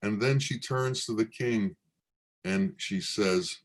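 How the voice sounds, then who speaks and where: A man and spiritual teacher telling a teaching parable in a slow, deliberate way. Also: fairly low pitch.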